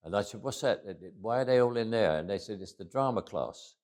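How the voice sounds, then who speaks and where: A man's voice: lowish voice, expressive, fairly quick, a little mellow. An older man with a Cockney accent, telling stories from his life in an interview, often chuckling and restarting phrases. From England. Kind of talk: reflective interview storytelling.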